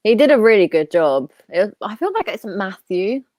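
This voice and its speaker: A woman's voice: medium pitch, sing-song, moderate pace, a little mellow, no room sound. A young woman hosting a book chat, telling stories animatedly and laughing. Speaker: book club host. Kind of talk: casual chat.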